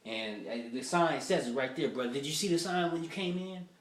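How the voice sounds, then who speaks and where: Comedian doing stern, lecturing buffet boss; roomy echo, mic far away. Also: male voice, fairly high pitch, a little fast, natural voice. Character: strict male buffet manager scolding customers.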